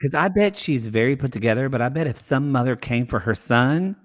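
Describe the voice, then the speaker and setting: Male podcast co-host with a mid-range, lively voice and crude, joking banter. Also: medium pitch, a little fast. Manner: crude, playful, puts on silly voices for bits. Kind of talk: casual comedic recap chat. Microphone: podcast microphone.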